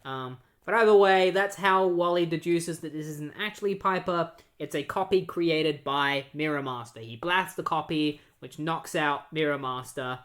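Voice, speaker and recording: A podcast host giving a casual, rambling recap of a comic book run, full of fillers and quick quoted voices. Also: medium pitch, fairly bright tone.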